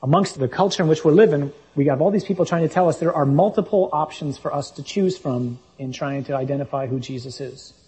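A man's voice: a little high, brisk, few pauses, a little mellow, low-quality recording. A man preaching a sermon, reasoning emphatically and reading scripture passages aloud.

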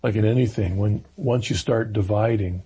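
A man's voice: fairly low pitch, moderate pace, warm tone, husky. A man interviewing a guest, mostly adding short agreeing replies and follow-up remarks. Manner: brief affirming interjections. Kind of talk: conversational interview.

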